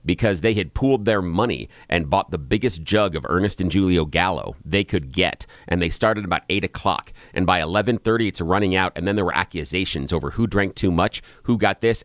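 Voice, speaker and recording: Deep-voiced middle-aged radio host. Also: male voice, dry recording, studio quality. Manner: relaxed, unhurried reminiscing. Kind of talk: casual chat.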